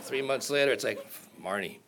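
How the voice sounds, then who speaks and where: Man, pastor, slightly high voice, conversational sermon, questions to the congregation, joking asides. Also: expressive, measured pace, a loud crowd, very noisy.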